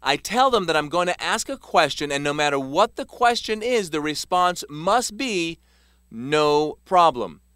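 Bright, crisp male narrator. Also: high-pitched, expressive, moderate pace, few pauses, dry recording, studio quality. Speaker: author narrating his self-help book. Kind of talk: scripted narration.

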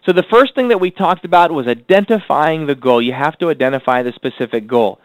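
A man teaching a recorded goal-setting lesson, asking rhetorical questions and repeating key lines slowly for emphasis. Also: fairly high pitch, no room sound, rough recording. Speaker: self-improvement teacher.

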